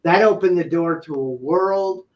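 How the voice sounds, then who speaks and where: Animated man telling a story. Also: high voice, unhurried, muffled recording, slight background noise. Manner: animated, playful storyteller who acts out quotes. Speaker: podcast co-host. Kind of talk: casual storytelling chat.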